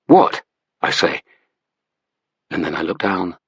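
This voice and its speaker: A man's voice: sits low, moderate pace, fairly bright tone, slightly rough, no echo. A man narrating a first-person psychological thriller, voicing a panicked husband who curses as he speaks. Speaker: audiobook narrator.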